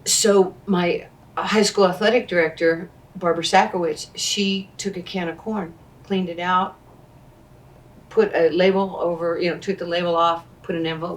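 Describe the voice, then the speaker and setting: A woman, telling animated stories and acting out what people said. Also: on the low side, moderate pace, far from the mic, slight background noise. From Queens, New York. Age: 60s. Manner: animated storyteller who acts out quoted dialogue. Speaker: interview guest, former basketball player. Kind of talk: storytelling in conversation.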